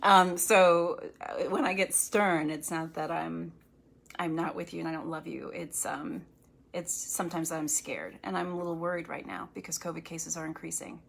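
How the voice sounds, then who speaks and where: A woman's voice: deep voice, normal speed, creaky. Earnest woman doctor on a livestream. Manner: earnest and warmly encouraging, turns stern at times. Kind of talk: casual livestream chat.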